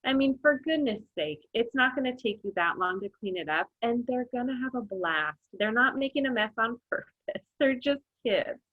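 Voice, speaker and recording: A woman guest baker chatting casually on a podcast, upbeat and quick to laugh. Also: a little high, animated, no room sound. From Arizona, USA. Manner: bubbly, laughs often. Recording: dull lo-fi sound.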